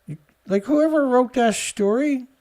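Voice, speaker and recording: A Canadian man hosts a solo news commentary show on a studio mic, reading stories aloud with sarcastic, indignant remarks and frequent laughter. His voice is extremely high-pitched and darkish in tone, and he speaks a little slowly.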